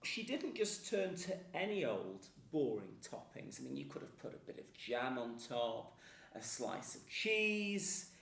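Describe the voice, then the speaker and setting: An enthusiastic Northern English man chats to camera about food in a casual vlog. His voice bounces around with lively ups and downs. He stands back from the mic in an echoey room. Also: mid-range voice, unhurried, vocal fry, far from the mic. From England. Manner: chatty, enthusiastic, expressive. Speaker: food vlogger.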